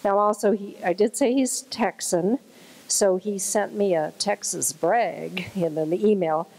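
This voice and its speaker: Mellow woman introducing a conference speaker. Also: mid-range voice, unhurried, low-quality recording. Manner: light, chatty, laughs at own jokes. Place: conference hall.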